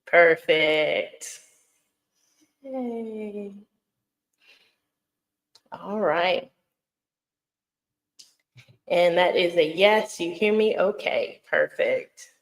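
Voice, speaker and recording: A middle-aged woman vlogger hosts a live Q&A stream, chatting casually and effusively, greeting viewers by name and laughing often. She rambles with many fillers and restarts, speaking extremely slowly with frequent pauses in a voice on the low side. The recording quality is low.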